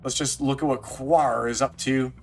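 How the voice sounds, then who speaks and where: A man streaming a card game live, chatting casually with his viewers and thinking out loud, with sudden excited outbursts. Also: medium pitch, moderate pace, gravelly, soft background music. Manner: excitable, talks to chat, thinks aloud.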